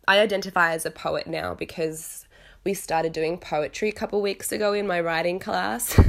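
A woman's voice: fairly low pitch, a little slow, fairly bright tone. A woman recapping a reality show at home, talking in a frank, chatty way and swearing casually. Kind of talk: casual chat. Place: home with cats nearby.

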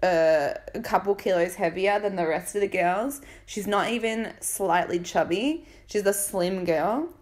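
A woman's voice: mid-range voice, unhurried, few pauses, darkish tone. Blunt, chatty woman. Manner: chatty, blunt and indignant, with fillers and mocking quoted voices. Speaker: reality TV recap commentator. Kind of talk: casual opinionated recap.

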